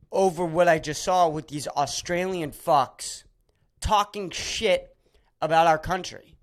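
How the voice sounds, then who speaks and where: A man's voice: high-pitched, fairly bright tone. A man hosting a solo podcast, ranting in a profane, rambling, sarcastic way with many restarts. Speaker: podcast host.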